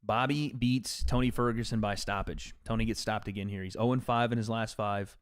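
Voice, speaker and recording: This livestream host from Tennessee, on a couch at home away from his usual setup, chats profanely and casually with viewers while reading their donations. He speaks a little fast in a fairly low, clean voice with fairly even intonation, and the audio is clean studio sound without echo.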